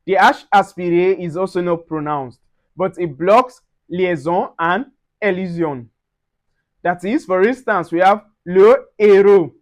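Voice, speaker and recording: A man with a high voice and a French accent gives a beginner pronunciation lesson, with French as his first language. He says each example word slowly, one at a time, in a careful teaching manner. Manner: repeats example words slowly and deliberately.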